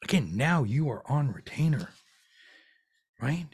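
A man's voice: medium pitch, big pitch swings, unhurried, a little mellow, husky. A man teaching tarot readers how to earn money, talking in a blunt, ranty, profane way. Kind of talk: ranty casual coaching monologue.

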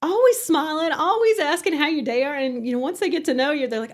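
A woman's voice: high-pitched, fast talker. Chatty laughing woman. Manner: chatty, laughs often, acts out quotes. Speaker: podcast guest. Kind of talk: casual interview chat.

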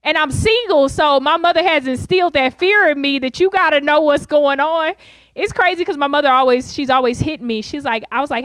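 A woman's voice: sits high, a little fast, a bit bright, no room sound. A woman in her thirties doing wry, chatty stand-up storytelling. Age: 30s. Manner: wry, chatty, laughs between lines.

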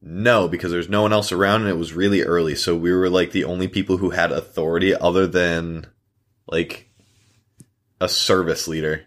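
A man's voice: low voice, fairly even intonation, normal speed. A young man, a podcast co-host, telling long workplace stories in casual chat, full of fillers and little acted quotes. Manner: rambling anecdotes with acted quotes, frequent fillers.

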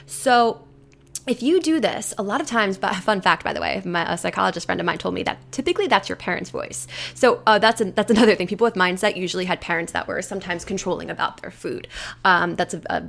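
A woman's voice: mid-range voice, quick pace, creaky, a bit bright. A woman coaching on eating habits, talking casually and animatedly, acting out the voices of people she quotes. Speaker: nutrition coach.

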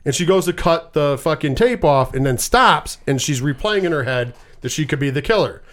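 A man's voice: fairly high pitch, lively intonation, normal speed. A man casually recapping a movie plot, cursing freely and rambling as he retells scenes. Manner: profane, rambling storyteller.

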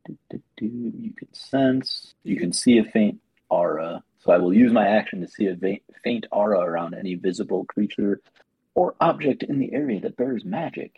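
A man plays his character casually in a tabletop game, hesitating now and then. His deep, husky voice moves a lot in pitch, and the recording sounds dull and dry. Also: animated, normal speed, darkish tone, no echo. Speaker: player.

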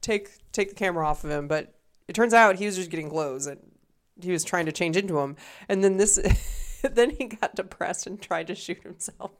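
A woman's voice: on the low side, normal speed. A woman co-hosting a podcast, casually recapping a movie in loose, profane storytelling with quoted lines. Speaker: podcast co-host.

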